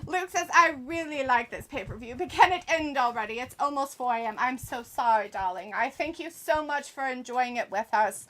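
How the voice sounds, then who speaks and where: A woman's voice: sits high, normal speed, hardly any pauses, fairly bright tone, slight background noise. A woman hosting a wrestling watch-along stream, commenting playfully, teasing people and calling them darling. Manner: teasing, calls people darling, giggly asides. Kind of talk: playful live commentary and chat reading.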